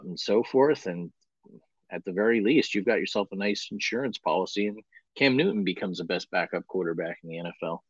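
A very low-voiced man co-hosts a football talk show with brisk analysis and rhetorical questions. His audio is dry and dull, without room echo. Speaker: co-host. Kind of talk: casual sports talk.

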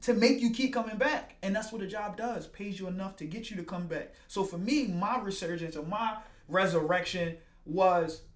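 A man hosting a casual talk, telling animated stories and acting out quoted conversations. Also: high voice, normal speed, hardly any pauses. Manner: animated storyteller, acts out quotes. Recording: roomy echo.

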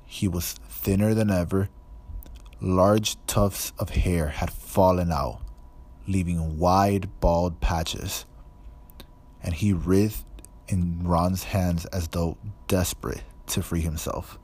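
A male audiobook narrator reads a scripted story in a measured, even manner, his voice sitting low.

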